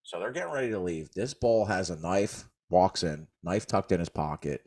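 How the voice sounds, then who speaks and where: Low-voiced man telling stories. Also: normal speed, a little mellow. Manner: rambling, profane storyteller. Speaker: podcast co-host. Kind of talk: casual storytelling chat.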